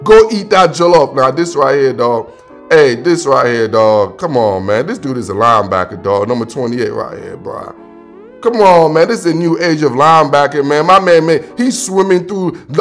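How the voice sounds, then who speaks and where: A man's voice: a little high, expressive, moderate pace, fairly bright tone, faint music behind. A man hosting a football film breakdown, talking in casual, hyped commentary full of slang and repeated phrases. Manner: hyped, slangy, repeats phrases, calls viewer "dog" and "bro".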